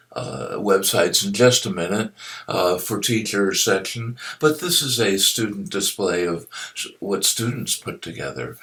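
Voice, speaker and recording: Older man, teacher, low voice, unhurried, deliberate, spells out letters. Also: fairly bright tone. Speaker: literacy educator. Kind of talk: instructional video narration.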